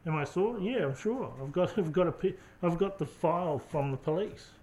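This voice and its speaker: A man's voice: high-pitched, expressive, normal speed, dark tone, rough recording. A man interviewing someone in a confrontational way, pressing his points persistently.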